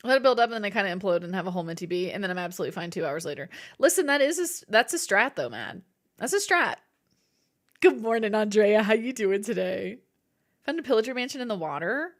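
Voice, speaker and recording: A woman's voice: medium pitch, very animated, quick pace, creaky. A woman streaming live, chatting with her viewers in a bubbly, chatty way. She giggles often and playfully acts out her own thoughts. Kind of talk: casual live-stream chat, reading viewer messages.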